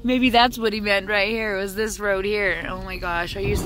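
A woman's voice: medium pitch, steady tone, normal speed, fairly bright tone. A middle-aged woman chatting casually to camera for her vlog, anxious and exclaiming often. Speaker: vlogger.

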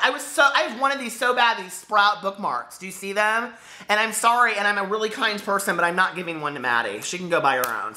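A woman book vlogger chatting casually to camera in a gushing, excitable way, exclaiming often. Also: mid-range voice.

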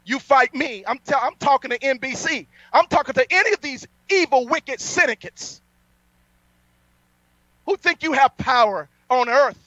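A man preaching a fiery sermon, boastful and defiant, his voice climbing to loud peaks. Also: very high-pitched, expressive, moderate pace, no echo. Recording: dull lo-fi sound, dry.

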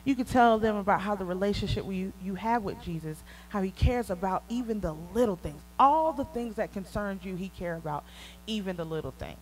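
A woman with a Southern US accent preaching a conversational sermon, laughing often and rising to excited peaks. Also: medium pitch, a little fast, slight background noise, rough recording. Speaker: prophetess preaching.

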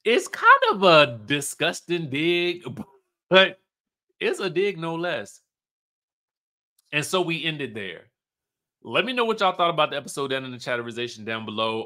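A man giving a casual, animated recap of a reality TV episode and acting out the cast's lines as he goes. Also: medium pitch. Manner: chatty and animated, acts out cast members' lines.

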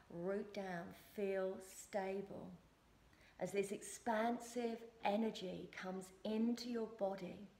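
A woman, a relationship coach and yoga teacher, guiding listeners through a movement and breath practice. Her calm instructions build into loud rhythmic chanting. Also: medium pitch, roomy sound.

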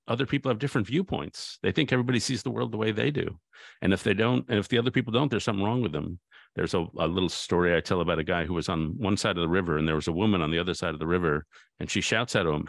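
A man with a very low, gravelly voice speaks as a guest author in a reflective conversation. He sounds thoughtful and tells stories, often restarting his sentences mid-thought. The recording is close and dry, with no room sound. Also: fast talker, dry recording. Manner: thoughtful, anecdotal, with frequent restarts.

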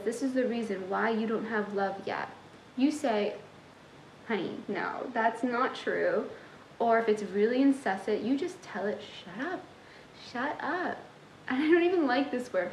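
A woman's voice: on the high side, a little mellow, roomy sound, slight background noise, low-quality recording. A young woman who coaches manifestation, giving a sassy, tough-love motivational talk straight to her viewers.

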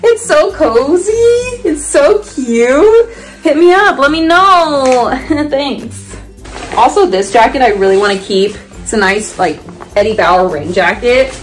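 A woman's voice: high voice, expressive, takes it slowly, soft background music, poor audio. A young woman from California chatting casually and playfully in her own vlog. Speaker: vlogger.

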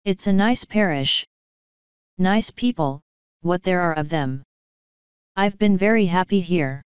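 A woman's voice: fairly low pitch, animated, a little slow, clear, resonant tone, no room sound, lo-fi sound. A woman reading the part of an elderly, rheumatic country vicar who speaks pleasantly and a little sadly. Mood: rueful. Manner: pleasant, sad, apologetic. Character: elderly male vicar, gentle, rheumatic, mildly grumbling.

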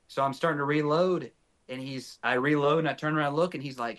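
A young man from north Texas, appearing as a podcast guest, tells a story in casual chat with a mid-range voice. He talks fast and animatedly, acting out the quoted dialogue.

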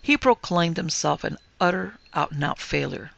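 Gravelly, bright-voiced male storyteller. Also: a little high, expressive. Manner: measured, firm storytelling delivery. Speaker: podcast host and reader. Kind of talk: scripted narration of a ghost story.

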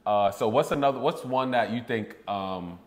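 A young man, interviewing a guest in a casual, curious and playful way. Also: medium pitch. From New York. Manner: curious, playful questions, quick laughs.

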